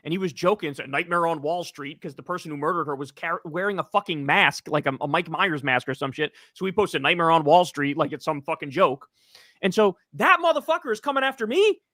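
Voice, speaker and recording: High-pitched man ranting, profane and emphatic. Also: lively intonation, quick pace, pushed and bright, no echo, clean studio sound. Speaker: political commentator. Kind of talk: heated casual podcast chat.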